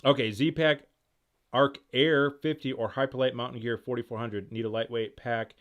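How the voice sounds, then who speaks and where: A man hosting a casual live-stream Q&A from home, talking fast and jumping between thoughts as he reads viewer comments aloud and reacts to them. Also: medium pitch, steady tone. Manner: rapid, rambling, jumps between thoughts. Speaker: host of outdoor gear channel.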